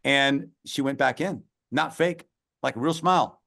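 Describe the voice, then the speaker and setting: A man's voice: mid-range voice, unhurried, vocal fry, a bit bright. A middle-aged man, a podcast guest, telling a long story in an earnest, emphatic way. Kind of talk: storytelling interview.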